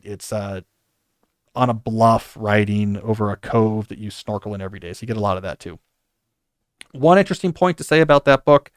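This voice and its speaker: A man's voice: mid-range voice, smooth, no room sound, studio quality. A man hosting a podcast, talking through a casual book review in a rambling, conversational way with asides. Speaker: podcast host.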